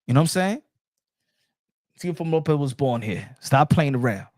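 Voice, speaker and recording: A man giving an opinionated casual boxing monologue, repeating phrases and getting louder as he gets worked up. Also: on the high side, moderate pace, no room sound, studio quality. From New York. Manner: animated, repeats phrases, rising to shouts when worked up. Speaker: boxing commentator.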